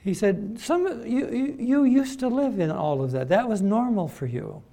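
A man preaching a sermon, emphatic and deliberate, repeating words as he builds his points. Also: very high voice, animated, mellow.

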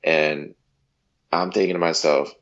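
American guy in his 30s, low voice, chatty storyteller, slangy, kinda dull lo-fi audio. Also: a little slow. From United States. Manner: lively storyteller, acts out quotes, casual slang. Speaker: guest, handball athlete. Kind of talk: casual storytelling interview.

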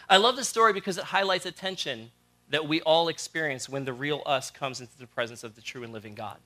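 A middle-aged man gives a sermon in a bright, forceful voice that sits a little high for a man. He retells a story with animation and acts out the characters' lines. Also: quick pace. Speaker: guest preacher.

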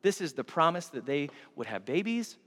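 A man preaching a sermon as pastor, telling the story with lively, animated acting-out of scenes. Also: a little high, moderate pace, in a large hall.

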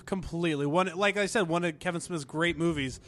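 A man's voice: a little high, a little fast, fairly bright tone. A man co-hosting a casual movie podcast, rambling eagerly through his favorite films. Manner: rambling, restarts, enthusiastic about movies. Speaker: podcast co-host. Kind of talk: casual chat.

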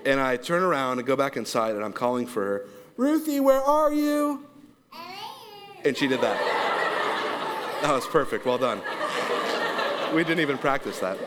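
A man in his thirties preaching a sermon in a church, telling a family story with lively acted-out quotes and laughter. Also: normal speed, long pauses, background noise. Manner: animated storytelling, acts out quotes with big pitch jumps, laughs along. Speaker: pastor. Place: church sanctuary.

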